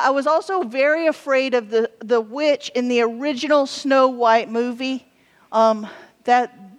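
A woman pastor preaching a sermon in a humorous, self-deprecating way, with frequent ums and restarts. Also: on the high side. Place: church sanctuary. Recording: long church reverb.

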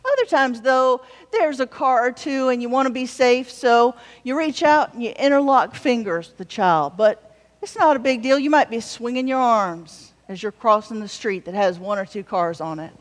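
A woman with a fairly high voice preaches a sermon, easy and conversational, dropping wry jokes between her points. Her voice rings out with a long reverb, as if she were in a large hall. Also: animated, moderate pace. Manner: warm conversational preaching with wry humorous asides. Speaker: pastor.

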